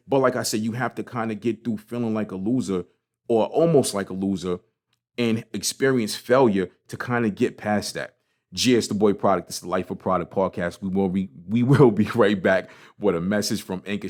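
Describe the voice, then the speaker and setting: Passionate, profane male podcast host. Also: deep voice. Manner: passionate, profane, repeats himself. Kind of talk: casual motivational monologue.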